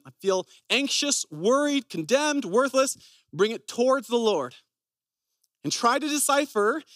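High-voiced earnest male preacher. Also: a bit bright, no room sound, studio quality. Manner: earnest, conversational storytelling. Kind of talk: sermon.

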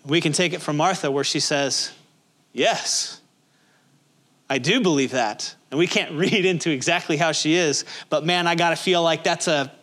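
A man's voice: a little high, moderate pace, fairly bright tone. A male pastor preaching a sermon in a conversational, emphatic way, with many rhetorical questions.

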